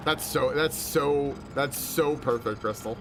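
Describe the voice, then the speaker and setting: Streaming a video game from home, a man chats casually and tells rambling stories, swearing freely and laughing a lot. His voice is medium-pitched and his pace measured, with a noisy background behind him.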